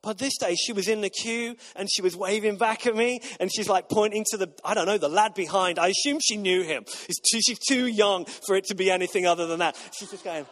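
High-voiced guy, 30s, preaching, rambly storytelling full of ums and restarts. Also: fairly bright tone. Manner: storytelling, halting with fillers and restarts. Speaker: pastor. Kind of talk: sermon.

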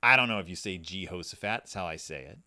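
A man's voice: low voice, quick pace, sharp tone. A man hosting a podcast and chatting casually about a children's book in a playful, jokey way. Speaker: podcast host.

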